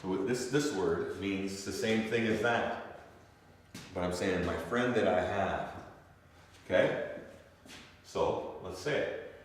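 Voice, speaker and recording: A man teaches a classroom lesson, often pausing to ask his students whether they follow. He is heard from far off in a big, echoey room. A faint hum of the room sits behind him. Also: deep voice. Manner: checks in often with "okay?" and "you see?". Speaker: language teacher.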